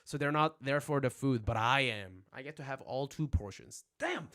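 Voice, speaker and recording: A man's voice: medium pitch, normal speed, fairly bright tone. A young man teaching casually on a livestream, joking, rambling and swearing, with constant "right?" check-ins, recorded on a phone at home. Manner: joking, rambling, profane, says "right?" a lot.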